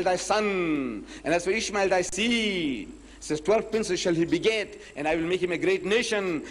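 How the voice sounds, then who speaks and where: Man with a high, husky voice, lively public lecturer who acts out both sides of a debate; long hall echo. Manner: animated storyteller, acts out both sides of the dialogue. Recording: echoey lecture hall recording.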